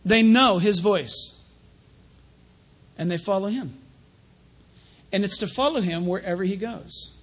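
Guy preaching, really high voice, kinda husky, chatty and animated. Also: a little slow, pauses often. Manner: conversational preaching with anecdotes, rising to animated emphasis. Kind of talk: sermon.

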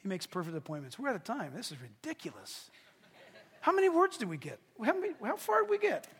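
A man preaching a sermon as pastor, animated and swinging from hushed asides to shouts. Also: high-pitched, fast, breathy edge, big-room sound. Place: church.

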